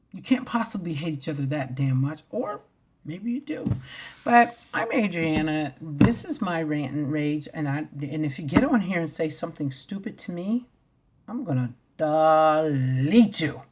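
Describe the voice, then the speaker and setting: A woman with a low, husky voice rants to camera in a vlog, blunt and profane. Her pitch leaps widely, and she swings from loud outbursts to low mutters. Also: sing-song, measured pace. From United States. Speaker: vlogger. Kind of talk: ranting to camera.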